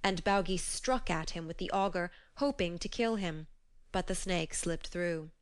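Female audiobook reader for myths; smooth, clean tone, steady measured delivery. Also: fairly low pitch. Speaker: audiobook narrator. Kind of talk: scripted storybook narration.

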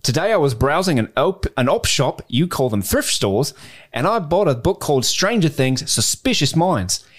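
Male podcaster doing a put-on Australian lady, lilting, higher than his own voice. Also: big pitch swings, normal speed. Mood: chirpy. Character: Australian woman listener reading her fan email.

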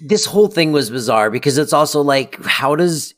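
Incredulous podcast co-host. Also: moderate pace. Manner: animated, incredulous, breaks into high excited impressions. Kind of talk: casual chat.

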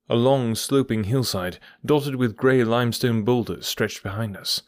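A man reading an audiobook in measured storytelling narration. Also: medium pitch, no room sound, studio quality. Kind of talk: scripted narration.

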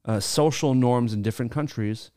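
A man's voice: medium pitch, moderate pace, mellow. A middle-aged man hosting a podcast, chatting casually with loose jokes and free swearing. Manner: loose and joking, swears freely. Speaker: podcast host. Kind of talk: casual comedic chat.

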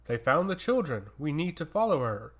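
An alarmed woman village elder, acted by a male narrator in a spoken fantasy story. Her voice is raised and urgent, with a wide pitch swing. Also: big pitch swings, normal speed, fairly bright tone.

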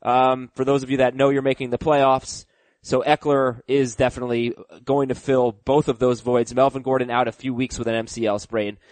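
A man hosts a fantasy football podcast, chatting casually about sports, thinking aloud with fillers and tossing in joking asides. His voice is medium-pitched and darkish with little pitch movement, delivered at a moderate pace in a dry recording.

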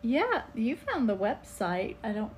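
A woman co-host adds details in short, plain remarks and takes her time. Her voice is slightly high and her delivery easy and relaxed. Faint background room sound sits under her. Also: a little hiss or hum. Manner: unhurried, brief, matter-of-fact replies. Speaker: podcast co-host. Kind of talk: casual travel recap chat.

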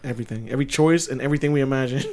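A man co-hosting a podcast, excitable in casual chat, swearing and laughing often. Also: medium pitch, very fast. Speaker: podcast co-host.

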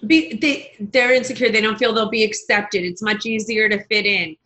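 A woman's voice: mid-range voice, steady tone, moderate pace, sharp tone. A woman guest in casual chat, telling stories bluntly and acting out quoted dialogue. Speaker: podcast guest.

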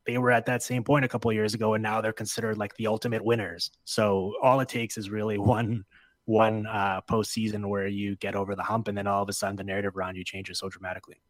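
A man speaking as a guest analyst on a podcast, talking quickly with many fillers and restarts. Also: lowish voice, flat delivery, dry recording. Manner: rapid, filler-heavy talk with frequent restarts. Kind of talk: podcast interview.

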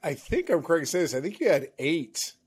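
A man's voice: on the high side, very animated, brisk. A man hosting an interview, speaking in a conversational way with fillers like "um". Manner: conversational, fillers and throat clearing. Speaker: podcast host.

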